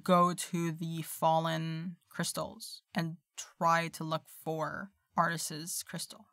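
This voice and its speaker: A woman playing a tabletop game, speaking hesitantly and halting on fillers. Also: low voice, monotone, a bit bright, no room sound, clean studio sound. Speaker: player.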